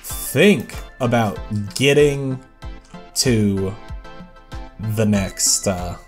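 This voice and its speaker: A man's voice: on the low side, animated, extremely slow, soft background music. A man giving casual, rambling gameplay commentary as a let's play host, self-deprecating and chatting to the characters on screen.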